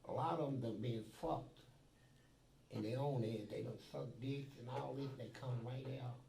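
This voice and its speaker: A man's voice: mid-range voice, moderate pace, creaky, dark tone, roomy sound, far from the mic, slight background noise, low-quality recording. A man telling blunt, profane stories from prison life in a streetwise way, recorded in an interview.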